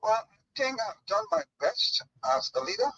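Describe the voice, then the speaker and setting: Brief: measured, reflective woman leader, put on by a man, husky, dull broadcast sound. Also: sits high, sing-song, bright, forceful tone, pitched above the performer's own voice, exaggerated voice. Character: impression of a female former president, reflective.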